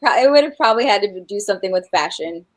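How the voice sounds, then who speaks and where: A woman's voice: mid-range voice, animated, fast, poor audio. A middle-aged woman from New Mexico, a singer chatting as a guest in an interview, rambling with lots of fillers and restarts and laughing easily. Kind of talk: casual interview chat.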